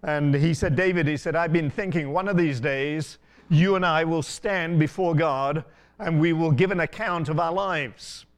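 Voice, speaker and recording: An older man preaching a sermon, telling stories in an unhurried way with frequent asides. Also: fairly high pitch. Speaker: pastor.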